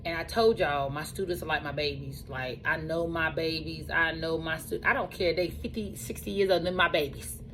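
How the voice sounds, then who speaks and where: A woman with a fairly low voice tells her personal story in a loose, chatty way. She runs a truck driving school and comes back to the same phrases again and again to hammer a point home. Soft background noise sits faintly under her voice. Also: moderate pace, hardly any pauses, rough recording. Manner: animated, repeats phrases for emphasis.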